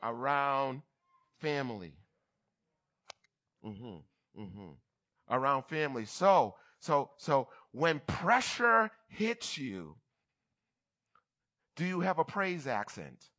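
A bishop preaching a lively church sermon, who talks back and forth with the congregation. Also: male voice, medium pitch, slow, pauses often. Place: church service.

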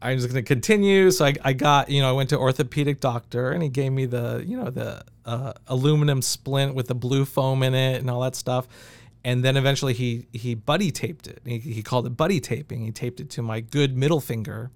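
A man who is a podcast guest, telling animated stories in a casual interview and often laughing. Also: mid-range voice, brisk, creaky, dry recording. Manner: animated anecdotes with frequent laughs.

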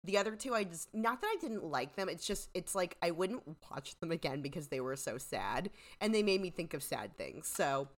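A chatty woman co-hosts a podcast, her pitch rising and falling a lot. She fills her sentences with "like" and "you know" and swears now and then. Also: sing-song, normal speed, hardly any pauses. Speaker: podcast co-host. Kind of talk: casual chat.

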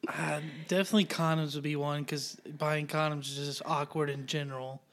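A man's voice: fairly high pitch, level tone, fairly quick. A man co-hosting a casual family game chat, hesitant and laughing as he stumbles through his answers. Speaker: podcast co-host.

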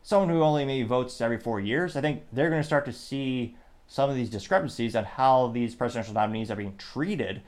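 Brisk and mid-range in voice, this U.S. podcast host does solo political commentary. He rambles, reading listener comments out loud and breaking off partway through sentences.

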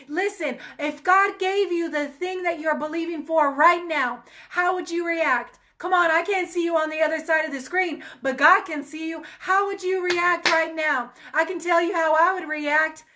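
A woman's voice: very high-pitched, steady tone, moderate pace, few pauses, bright, forceful tone. A woman ministering in a fervent online sermon, greeting viewers by name and repeating amen and hallelujah.

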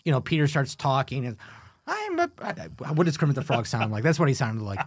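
A man telling funny stories as a guest on a podcast, animated and quick to laugh. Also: medium pitch, no room sound. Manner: animated storyteller, laughs often. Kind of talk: casual chat.

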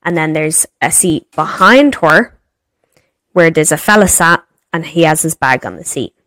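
A woman's voice: low-pitched, animated, unhurried, a bit bright, dry recording. A woman in her thirties with an Irish accent, co-hosting a podcast and ranting in an exasperated, sweary way. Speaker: podcast co-host. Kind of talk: casual chat.

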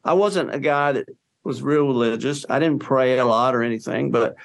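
A man speaks as a podcast guest, his voice gravelly with a lot of fry in it. He tells his story in an earnest, conversational way, full of fillers and restarts, at a middle pitch. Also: moderate pace. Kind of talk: telling a personal story.

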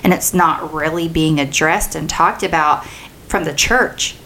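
A woman's voice: sits low, unhurried, a bit bright, a little hiss or hum. A woman co-hosting a casual faith talk, speaking passionately and asking pointed questions. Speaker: co-host.

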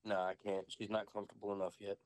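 A man's voice: on the low side, fast talker, dry recording. Young guy on a podcast telling a wild story, swears a lot, super dry close sound. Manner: animated, profane storytelling. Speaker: podcast host. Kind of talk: casual chat.

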